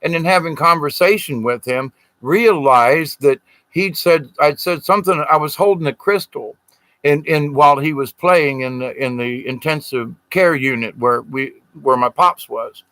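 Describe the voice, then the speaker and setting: A middle-aged man tells a long personal story in a rambling, earnest way. His voice sits a little high and sounds bright and forward. The recording is dry and close. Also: normal speed, no echo, low-quality recording. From Southern United States. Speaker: spiritual storyteller. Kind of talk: casual storytelling.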